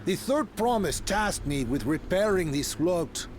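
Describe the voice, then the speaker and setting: Snooty old craftsman in a game, stubborn, a bit high. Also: sing-song, measured pace, a little hiss or hum. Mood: haughty. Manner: haughty, disdainful. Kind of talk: video game cutscene voice acting.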